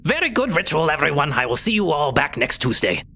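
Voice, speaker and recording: A man voicing an earnest little male kobold ritual leader in a tabletop game, chanting slowly and solemnly. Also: fairly high pitch, big pitch swings, sharp tone, exaggerated voice. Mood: cheerful. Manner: slow, solemn chanting delivery.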